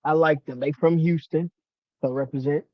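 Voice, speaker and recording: A man's voice: on the high side, steady tone, moderate pace, highs cut off. A man co-hosting a podcast in easygoing casual chat. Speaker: podcast co-host.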